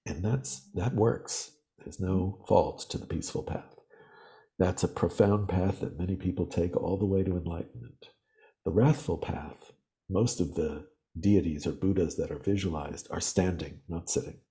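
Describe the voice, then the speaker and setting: A man talking as a podcast guest, explaining ideas in earnest, animated storytelling. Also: low-pitched, moderate pace. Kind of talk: reflective interview talk.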